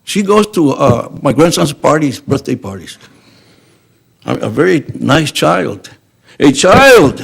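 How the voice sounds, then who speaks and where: A man's voice: a little high, sing-song, slow, gravelly, a bit bright, slightly rough. An older man speaking in public comment at a school board meeting, upset and emphatic, apologizing for speaking so strongly and running out of breath.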